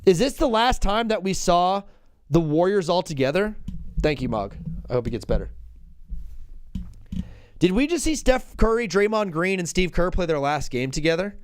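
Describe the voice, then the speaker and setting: Dude hosting a live sports call-in, excitable and jokey, kinda high pitch, dry mic. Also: male voice, normal speed, long pauses, clear, resonant tone, dry recording. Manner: excitable, joking, rambling. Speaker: host.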